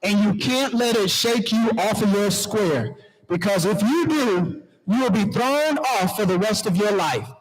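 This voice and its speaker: A high-voiced man takes his time as he emcees a conference from the stage, speaking right to the audience with a playful, sermonizing liveliness. Faint music plays behind him in the hall, and the recording is poor.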